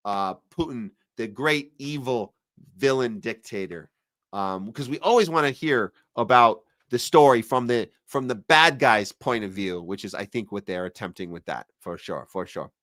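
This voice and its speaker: A man's voice: medium pitch, a bit bright, no echo, studio quality. A man hosting a live podcast, chatting casually and sarcastically while reading viewer comments. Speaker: podcast host.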